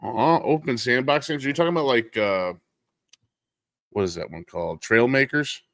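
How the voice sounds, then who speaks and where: On his casual podcast, the host jokes, laughs frequently and swears without restraint, his relaxed talk broken by loud bursts and laughter. He has a medium-pitched voice at a moderate pace, recorded dry with clean studio sound.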